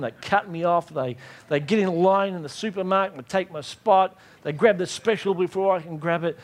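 A man preaching a sermon, acting out his own prayers and God's replies in lively dialogue. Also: high-pitched. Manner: animated, acts out dialogues with God.

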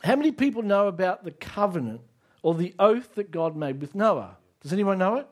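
A man preaching a sermon, emphatic, asking the audience direct questions and rising to near shouts on key lines. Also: high voice, expressive, a little fast.

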